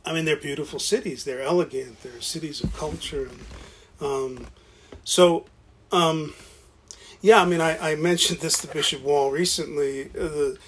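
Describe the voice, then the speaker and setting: A man's voice: a little high, normal speed, slight background noise. A man talking casually about founding a college, stopping and restarting often, repeating words as he goes. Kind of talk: casual conversation.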